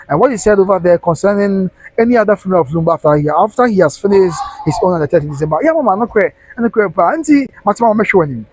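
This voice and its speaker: A man hosting a live news stream, animated and preachy, mixing Twi and English. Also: sits high, husky, rough recording.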